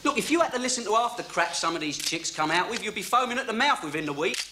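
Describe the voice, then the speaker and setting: Surly evasive photographer, bright voice, lively pitch. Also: male voice, fast talker, a little hiss or hum. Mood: grudging. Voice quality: grudging, defensive. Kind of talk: 1980s TV crime drama acting.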